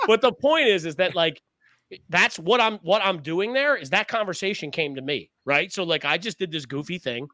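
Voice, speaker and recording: A man tells animated, swear-laced stories on a podcast. His voice is fairly high and swings widely in pitch. The tone is bright and forceful, and the sound is close and dry. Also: moderate pace, dry recording. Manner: animated storyteller, swears freely, laughs often. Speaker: podcast co-host. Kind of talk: casual round-table chat.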